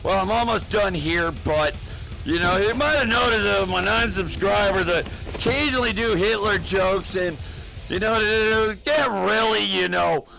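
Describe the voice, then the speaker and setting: A man riffing through a rambling, profane comedy rant. His voice is high and bright with a gravelly edge, and faint music plays behind him. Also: low-quality recording. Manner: rambling and profane, full of fillers. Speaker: gaming vlogger.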